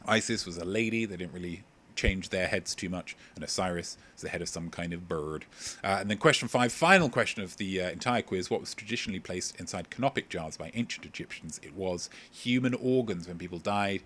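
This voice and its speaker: A man's voice: sits low, a little fast, fairly bright tone. A young man hosting a casual livestream quiz, joking and rambling as he reads out answers from viewers. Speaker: quiz host.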